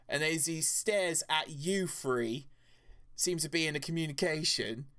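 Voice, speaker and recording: A man's voice: measured pace, a bit bright. A man narrating a tabletop role-playing game as dungeon master, in a loose, rambling way. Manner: loose, rambling narration with sudden pitch jumps into character voices.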